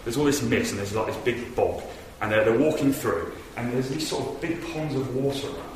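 A man's voice: medium pitch, fairly quick. A man giving an earnest, conversational sermon in a church hall, telling stories with animation. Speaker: preacher. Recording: echoey hall from far off with noise.

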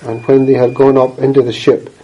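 A man reading scripture aloud and then preaching, in a measured, earnest way, often clearing his throat. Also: medium pitch, level tone, warm tone, highs cut off.

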